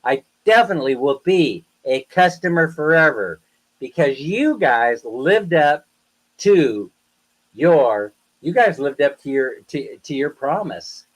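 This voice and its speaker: A man hosting a live stream, rambling through animated stories in casual chat with viewers. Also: a little high, takes it slowly, low-quality recording. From United States. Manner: rambling, animated, chatty storytelling. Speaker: livestream host.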